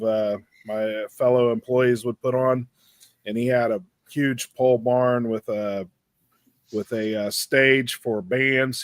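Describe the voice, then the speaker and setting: A man's voice: medium pitch, no room sound. Man telling a rambling crude story. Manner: rambling, animated anecdote with crude language. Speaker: podcast co-host. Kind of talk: casual storytelling chat.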